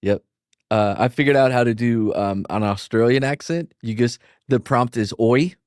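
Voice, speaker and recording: A man's voice: medium pitch, moderate pace, a little mellow, no room sound. Man, casual podcast co-host, jokey, laughs a lot, mid-range voice, dry close sound. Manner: jokey, laughs often, trails off in restarts; slips into mock impressions. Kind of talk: casual chat.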